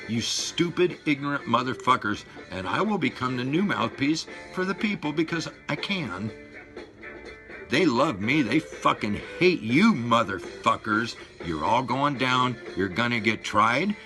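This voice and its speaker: A man in his sixties ranting and swearing at his viewers, loud one moment and muttering low the next. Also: expressive, measured pace. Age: 60s. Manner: fired-up, profane, swings between shouting and low mutters. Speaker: vlogger. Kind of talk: profane rant to camera. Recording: music playing behind the voice.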